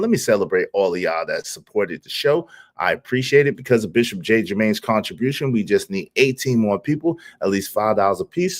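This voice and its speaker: Animated man hosting a livestream. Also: medium pitch. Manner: animated, slangy, laughs at clip. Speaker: livestream host reacting to a clip. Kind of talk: casual livestream commentary.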